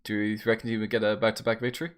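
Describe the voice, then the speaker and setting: Laid-back male host, lowish voice, casual post-race chat, lots of fillers. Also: very fast, smooth. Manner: relaxed, chatty, many fillers. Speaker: host and interviewer.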